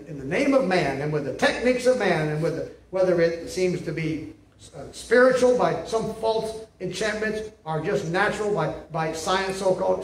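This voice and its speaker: A man's voice: high voice, a little hiss or hum. A male pastor preaching a sermon in an emphatic, repetitive way, often checking in with "see?". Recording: echoey room, mic at a distance.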